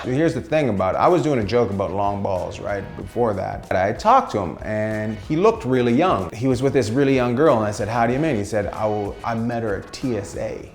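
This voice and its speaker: Animated storytelling comedian man. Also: a little fast, vocal fry, few pauses, echoey room, soft background music. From Canada. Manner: animated, jumps into loud high impressions and laughs. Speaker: stand-up comedian. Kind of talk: storytime commentary between clips.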